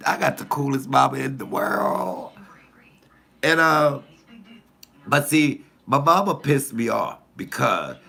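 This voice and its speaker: A man, a comedian, telling profane, animated stories casually to his channel's viewers. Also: medium pitch, slow pace, gravelly, pauses often. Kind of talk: casual storytelling to camera.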